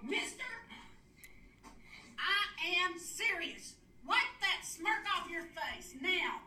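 A woman teacher scolding a student in class, shouting sternly. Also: very high-pitched, very animated, drawn-out words, slight background noise. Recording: echoey classroom recording from far off.

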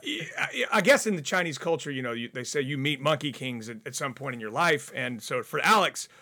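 A man's voice: medium pitch, fairly quick, vocal fry. A man telling stories in casual talk on radio, swearing often and acting out the people in them. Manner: profane, animated storyteller. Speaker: guest. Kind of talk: casual storytelling. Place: radio studio.

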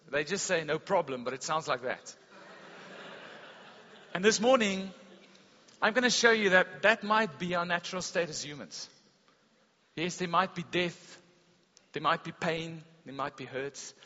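Bright-voiced male preacher in a hall. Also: a little high. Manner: animated storytelling preacher, swings between loud and hushed. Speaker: pastor. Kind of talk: sermon. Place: school hall service. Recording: dull long-reverb hall sound.

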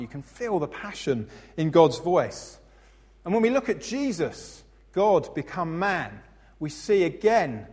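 A man in his thirties preaching a sermon as pastor, expressive and playful, acting out voices in his stories. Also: sits high, husky. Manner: expressive, acts out funny voices in anecdotes. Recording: long hall reverb.

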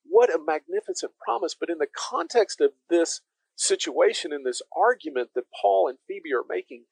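A man's voice: on the high side, lively intonation, moderate pace, creaky, breathy edge, rough recording. A man preaching a conversational sermon as pastor, emphatic and speaking directly to his listeners.

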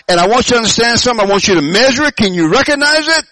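A man preaching a sermon to his congregation, emphatic, dropping to low murmurs and rising to shouted declarations, asking the room call-and-response questions. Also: animated, very fast, hardly any pauses, dry recording, poor audio. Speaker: pastor.

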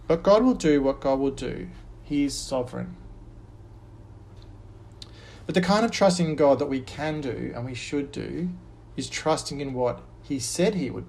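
Gravelly man preaching an earnest sermon. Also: mid-range voice. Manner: earnest, rising on quoted verses then dropping to a soft refrain.

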